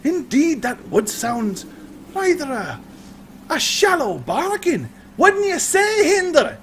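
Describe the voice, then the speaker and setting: A man's voice: very high voice, huge pitch swings, takes it slowly, a bit bright, a little hiss or hum, pitched above the performer's own voice, full character voice. A man voicing a sly, mocking male bandit in a tabletop game, drawling with mock politeness.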